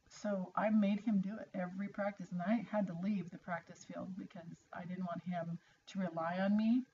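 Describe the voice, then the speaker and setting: An earnest middle-aged woman speaks in a chatty, encouraging way, the tone of a motivational vlog. Her voice sits at an ordinary pitch for a woman. The recording sounds a bit dull and lo-fi, with a faint hiss underneath. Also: dark tone. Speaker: vlogger. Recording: slightly dull lo-fi audio with faint noise.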